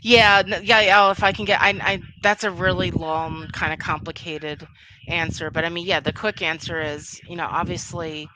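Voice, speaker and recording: A woman giving an online talk sounds bright and forceful as she tells family anecdotes. She rambles, restarts, and laughs often. A faint hiss sits behind her voice. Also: lowish voice, fairly even intonation, moderate pace, rough recording. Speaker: conference speaker, threat intelligence analyst. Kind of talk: casual storytelling and audience Q&A.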